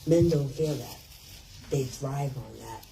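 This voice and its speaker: A woman's voice: very deep voice, slow, vocal fry, mellow, recorded from a distance, a little hiss or hum, poor audio. An older woman giving a rambling, blunt and profane off-the-cuff speech as an author at a book signing in a thrift shop.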